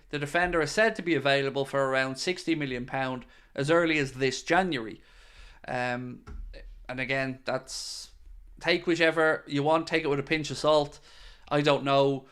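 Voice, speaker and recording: A man's voice: fairly high pitch, a bit bright, clean tone. Chatty man answering live chat. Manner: chatty, answers viewer comments. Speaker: podcast host reading live chat. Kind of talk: casual live-stream chat.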